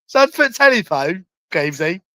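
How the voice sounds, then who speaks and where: Streaming casually from his bedroom, a brash man with a London accent wanders from topic to topic and swears without restraint. He speaks at a moderate pace in a sing-song, sharp-toned voice that sits somewhat high for a man, captured dry and close without any room echo.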